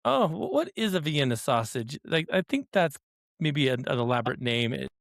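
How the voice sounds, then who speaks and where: A man's voice: a little high, very animated, normal speed, gravelly, fairly bright tone, dry recording, studio quality. A man co-hosting a casual podcast chat, teasing and playfully incredulous. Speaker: podcast co-host.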